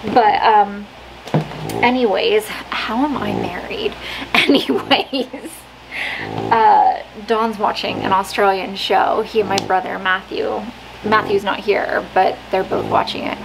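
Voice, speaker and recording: A woman's voice: mid-range voice, steady tone, slow pace, gravelly. A woman vlogging at home in a casual, chatty way, often laughing and poking fun at herself. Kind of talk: casual vlog chat. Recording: noisy home recording.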